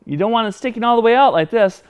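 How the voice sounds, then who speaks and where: A man's voice: very high-pitched, fast, smooth, highs cut off. A man hosting a children's educational show who teaches speech sounds and speaks directly to kids at home. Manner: animated, talks straight to kids at home.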